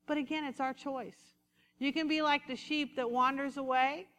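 A woman preaching a conversational, animated sermon, acting out little asides as she goes. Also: high voice, normal speed, big-room sound.

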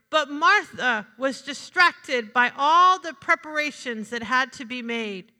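A woman pastor giving a lively sermon, swinging between loud acted-out asides and soft, low emphasis. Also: big-room sound. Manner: lively preaching with acted-out asides, rising and dropping sharply.

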